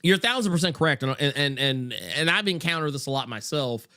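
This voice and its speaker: A man's voice: fairly high pitch, expressive, fairly quick, bright, forceful tone. A man co-hosting a podcast over a video call, agreeing emphatically in casual chat with many stammered restarts. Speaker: podcast co-host.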